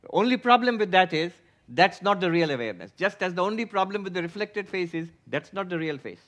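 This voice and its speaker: Spiritual teacher, man, fairly high voice; patient lecture style with questions to the room. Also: lively intonation, brisk, a bit bright. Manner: patient, explanatory, poses questions to the audience; acts out everyday inner voices for illustration. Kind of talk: philosophy class lecture.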